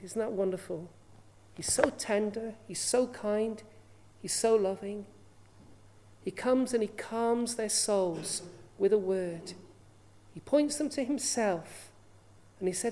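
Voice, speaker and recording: Woman, preacher, sermon, earnest, rhetorical questions, mellow tone, mid pitch. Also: slow pace, slight background noise.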